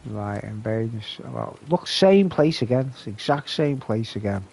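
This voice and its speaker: A man's voice: on the low side, expressive, moderate pace, gravelly, darkish tone, slight background noise. A man giving rambling, chatty live commentary while streaming a game, calling his viewers "mate".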